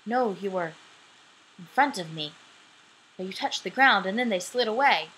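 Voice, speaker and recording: A woman's voice: mid-range voice, animated, moderate pace, a bit bright, slight background noise, close to an everyday voice, low-quality recording. A young woman voicing the trickster god Loki in a home-recorded storybook reading, speaking his lines earnestly and hesitantly. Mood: questioning. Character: trickster god Loki, male, guarded and wary.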